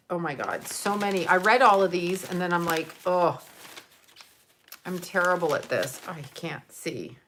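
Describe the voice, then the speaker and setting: A woman's voice: lowish voice, sharp tone. A middle-aged woman chatting casually to her viewers, rambling with many fillers as she shows and thanks them for gifts. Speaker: vlogger opening gifts for viewers. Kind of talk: casual chat to camera.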